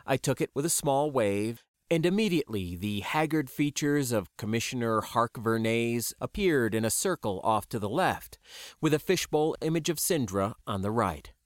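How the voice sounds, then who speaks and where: A man narrating a science-fiction audiobook in a measured, even storytelling voice. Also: medium pitch, dry recording, studio quality.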